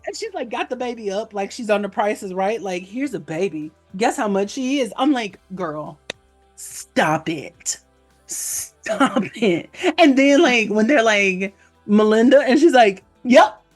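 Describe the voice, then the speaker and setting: A woman hosting a casual podcast chat. She talks animatedly and slips into playful character voices with sudden pitch leaps. Faint music sits quietly behind her. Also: normal speed. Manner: animated, acts out characters with big pitch jumps. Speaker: podcast host.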